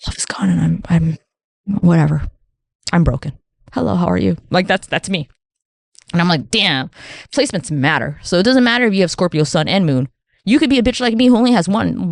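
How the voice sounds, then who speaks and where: A woman hosting a solo podcast, rambling and swearing casually, acting out other people's voices with big jumps in pitch. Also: dry recording, studio quality. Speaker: podcast host.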